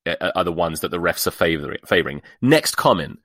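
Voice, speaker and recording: A sweary man hosts his own podcast in a lowish voice, dripping with sarcasm and exasperation. The recording is dry and close, with no room sound around him. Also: animated, a little fast, a bit bright, dry recording. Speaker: podcast host. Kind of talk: solo podcast rant.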